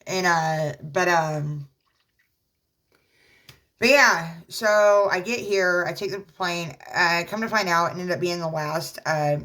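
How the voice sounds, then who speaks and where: Deep-voiced mom vlogging, rambly and earnest, lots of ums and likes. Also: female voice, pushed and bright. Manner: rambling, halting, many fillers and restarts; earnest, religious encouragement. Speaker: mother. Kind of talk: casual talk to camera.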